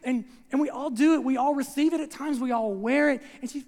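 A preacher delivering a sermon in a relaxed, storytelling way, often checking in with the listeners. The recording comes from a church sanctuary and carries a long reverb tail. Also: high voice, moderate pace. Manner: conversational, acts out scenes, repeats "right?".

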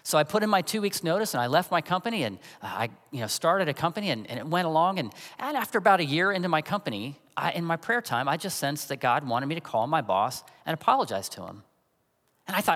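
A man's voice: a little high, sing-song, quick pace, fairly bright tone, long reverb tail. A man in his forties preaching a sermon as a pastor, talking in a conversational, storytelling way.

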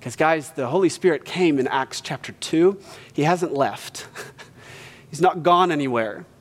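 A pastor telling a story in a sermon, acting out quotes and swinging from hushed to loud. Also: male voice, fairly high pitch, measured pace. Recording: church hall reverb.

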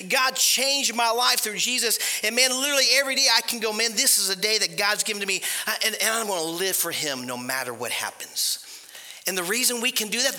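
Bright, lively male pastor preaching. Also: high voice. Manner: animated, conversational preaching with rhetorical questions. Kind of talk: sermon.

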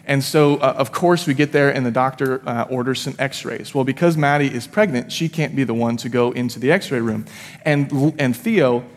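Guy in his 30s preaching, chatty storyteller vibe, mid pitch, long church-hall echo. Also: moderate pace. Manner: conversational, vivid storyteller with fillers and self-deprecating asides. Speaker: pastor. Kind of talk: sermon with personal storytelling. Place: church sanctuary.

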